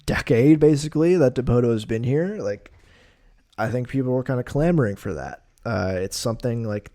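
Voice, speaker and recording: A man hosting a solo sports podcast, talking casually in an opinionated, animated way with loose fillers. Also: medium pitch. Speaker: podcast host.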